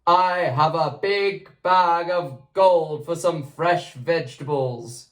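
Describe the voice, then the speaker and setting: A woman voicing a huge, grumpy male giant in a storybook reading, with a booming, slow delivery. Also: far from the mic. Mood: gruff.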